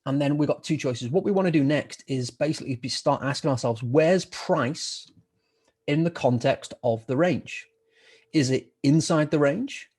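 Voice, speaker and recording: A man's voice: on the high side, moderate pace, darkish tone, breathy edge. Chatty man teaching trading live. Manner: chatty, repeats words, many fillers. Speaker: trading educator. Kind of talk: live online trading lesson.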